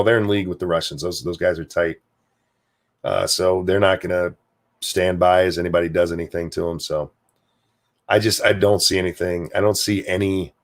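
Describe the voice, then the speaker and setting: This livestream host speaks in a lowish voice with vocal fry, chatting casually from home. He reads out viewer comments and answers them off the cuff, drifting between topics and cursing offhandedly.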